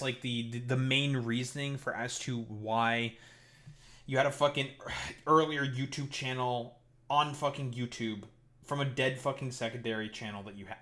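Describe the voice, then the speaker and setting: A man's voice: mid-range voice, fairly bright tone. A man hosting a stream, reacting to a video with profane, exasperated rants. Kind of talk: casual reaction commentary.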